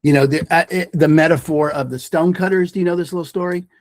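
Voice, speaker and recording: A man's voice: a little high, fairly even intonation, fast talker, dry recording. A man speaking as a guest on a podcast interview, an emphatic mindfulness teacher who makes his points through stories. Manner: emphatic, storytelling, repeats phrases for effect.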